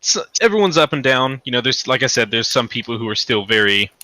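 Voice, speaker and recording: A man's voice: mid-range voice, expressive, fast, sharp tone, no echo. A man narrating a tabletop game as game master, rambling with lots of fillers and hedges. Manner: rambling, hedging, many fillers.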